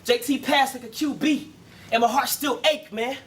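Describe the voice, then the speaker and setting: High-voiced man rapping punchlines. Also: fairly even intonation, normal speed, crowd noise. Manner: rhythmic, punchline-driven, preachy delivery. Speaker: battle rapper. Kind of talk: live Christian battle rap performance. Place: live battle event with an audience.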